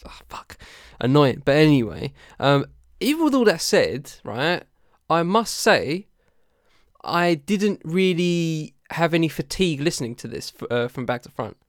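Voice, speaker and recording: Male co-host, smooth and dry, rambling, casual chat. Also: a little high, very animated, a little slow, no room sound. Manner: rambling, hesitant, laughs often. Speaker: podcast co-host.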